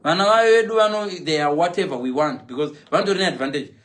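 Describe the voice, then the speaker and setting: Animated Zimbabwean man telling comic stories. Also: on the high side, fast talker. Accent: Zimbabwean English. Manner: lively, mimics other people's voices, laughs mid-story. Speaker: parent telling stories on a livestream. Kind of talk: animated comic storytelling, switching between Shona and English.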